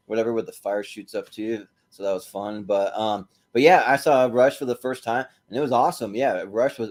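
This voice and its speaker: A man's voice: on the low side, a little mellow. A man hosting a casual movie podcast. He talks in a laid-back, rambling way, laughs often and eats while he talks. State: eating while talking. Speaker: podcast host.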